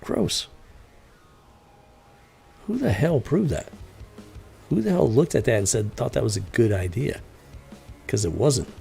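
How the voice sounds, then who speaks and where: A man's voice: mid-range voice, very animated, unhurried, vocal fry, long pauses, warm tone, soft background music. A man hosting a casual comic book commentary, exasperated and blunt, swearing freely and often stumbling over his restarts. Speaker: host.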